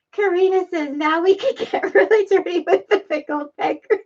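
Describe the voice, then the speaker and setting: A woman chats on a live stream, reading viewer comments aloud and dissolving into giggles. Her voice sits very high and moves slowly. The audio is dull and lo-fi. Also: a little mellow. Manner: laughing helplessly, giggly. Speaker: livestream host.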